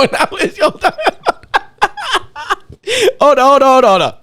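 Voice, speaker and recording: Lively high-voiced man laughing through a story. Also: moderate pace, long pauses, no echo, clean studio sound. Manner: laughs through his own story, profane, animated. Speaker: podcast host telling a story. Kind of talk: casual storytelling chat. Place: podcast studio.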